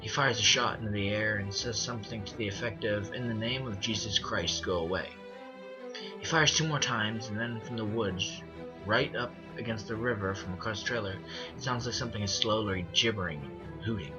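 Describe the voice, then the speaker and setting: Man, lowish voice, horror story narration, earnest, restarts phrases, dull lo-fi sound, music underneath. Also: brisk. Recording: dull lo-fi recording with music behind. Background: music bed.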